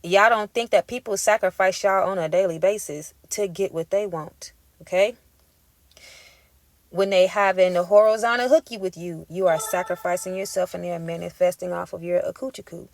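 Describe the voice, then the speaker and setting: A woman's voice: lowish voice, fairly even intonation, moderate pace, vocal fry, dry recording. A woman giving a tarot reading as an emphatic, profane pep talk in casual street slang. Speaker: tarot reader. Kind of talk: intuitive tarot reading monologue.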